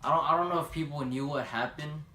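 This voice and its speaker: A young man telling a story in a casual vlog, profane and animated, acting out every voice. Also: fairly high pitch, quick pace, echoey room, soft background music.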